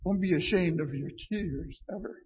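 A man's voice: sits high, moderate pace, breathy edge. A man preaching an informal sermon, reading scripture and often asking his listeners "right?" in a conversational way. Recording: dull lo-fi recording.

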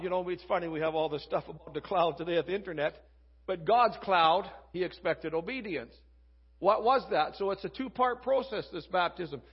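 A man's voice: sits high, normal speed, slightly rough, highs cut off. A man preaching a casual, conversational sermon, reading scripture and acting out quoted voices.

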